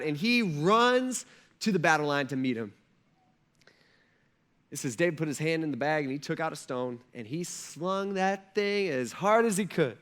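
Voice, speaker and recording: Animated high-voiced male pastor. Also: moderate pace. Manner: animated storytelling, acting out the characters' lines. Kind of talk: sermon.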